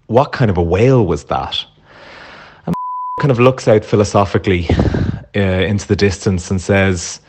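A man from Ireland, telling a relaxed, wry anecdote. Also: sits low. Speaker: guest contributor. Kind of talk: storytelling anecdote.

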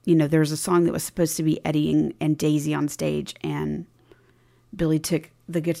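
A woman co-hosting a casual podcast, her voice sitting low with a gravelly, fried edge. Her tone is dark and mellow, and she retells scenes by acting out the dialogue with emphasis. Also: fairly quick. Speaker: podcast co-host. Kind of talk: casual recap chat.

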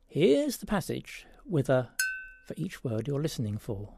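A man's voice: mid-range voice, huge pitch swings, unhurried, creaky, background noise. A man hosting a word-puzzle segment, reading a story aloud and explaining, in a playful way.

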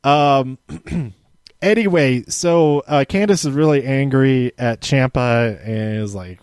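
A man's voice: mid-range voice, takes it slowly, darkish tone, clean tone, no room sound. A man casually reviewing a wrestling episode from handwritten notes, rambling with many fillers and restarts.

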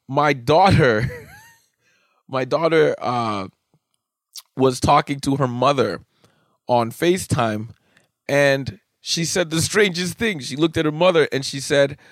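Guy in his 30s rambling on his own podcast, swears a lot, gets excited, dry close mic. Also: medium pitch, no room sound. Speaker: podcast host. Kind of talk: casual solo podcast monologue.

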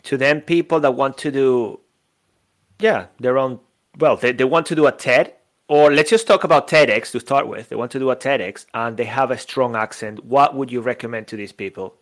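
Man, mid-pitched voice, earnest podcast host, casual chat. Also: normal speed. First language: Spanish or Italian.

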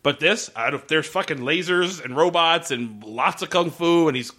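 A man hosting a casual podcast chat, swearing freely and backing his guest with quick "yeah, yeah" agreements. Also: a little high, sharp tone. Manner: profane, agreeable, lots of quick "yeah yeah" backchannels. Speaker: podcast host, comedian.

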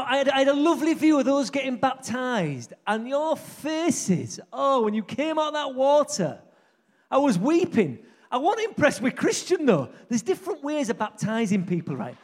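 A man preaching, telling stories in an excitable, jokey way. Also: extremely high pitch. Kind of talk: lively sermon storytelling.

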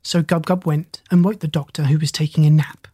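A storybook reader who narrates in a steady, gentle way. The voice is somewhat breathy. It is recorded dry and close to the mic. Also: medium pitch, brisk, no echo. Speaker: audiobook reader.

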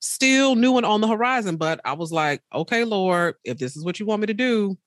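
A woman's voice: a little fast, no echo, clean studio sound. A woman in her thirties, a podcaster and speaker, telling personal stories in a casual interview, acting out quotes and calling the listener baby. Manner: animated storyteller acting out quotes with big pitch jumps; faith-filled, calls listener baby.

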